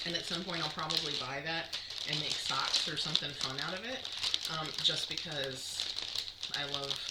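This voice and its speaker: A woman hosting a knitting podcast, chatting casually and rambling with many ums as she shows off yarn to the camera. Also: sits low. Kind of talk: casual show-and-tell chat. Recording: echoey room with clear background noise.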